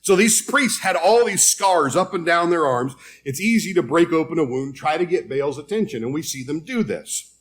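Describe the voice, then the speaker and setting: A man delivers a sermon, retelling scripture in an easy, storytelling voice. His pitch sits slightly above the usual for a man. He reads verses aloud between casual asides. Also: animated, moderate pace. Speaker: preacher.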